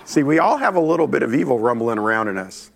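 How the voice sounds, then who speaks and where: Gravelly animated man preaching. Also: mid-range voice, a little hiss or hum. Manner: animated, talks straight to the congregation with quick asides. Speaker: pastor. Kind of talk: lively sermon. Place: church before a congregation.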